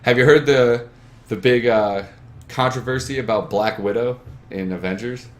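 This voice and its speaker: A man's voice: mid-range voice, normal speed. A young man hosting a gaming podcast from a webcam setup, talking in a rambling, profane, emphatic way. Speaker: podcast host. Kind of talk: casual chat.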